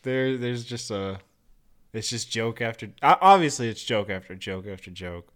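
Smooth-voiced young man reviewing a movie. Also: lowish voice, lively intonation, normal speed, fairly bright tone. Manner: rambling, acts out quotes in funny voices. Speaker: podcast co-host. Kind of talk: casual movie review chat.

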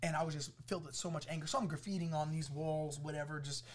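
A man from the Los Angeles area telling his testimony as a podcast guest, acting out what people said to him in an animated way. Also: a little high, fast talker, slight background noise. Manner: animated, acts out quoted voices, laughing through funny parts. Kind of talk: storytelling testimony.

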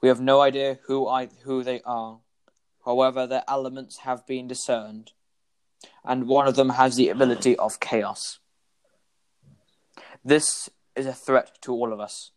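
A man's voice: medium pitch, level tone, unhurried, pauses often, clear, resonant tone. A man doing a grave robotic overlord. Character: calm robotic male overlord leading a council. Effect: robotic voice, spoken.

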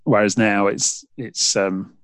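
A man's voice: lowish voice, fairly even intonation, slow, no echo. A British man hosting a podcast, rambling in casual chat with lots of fillers and restarts. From United Kingdom. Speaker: podcast host.

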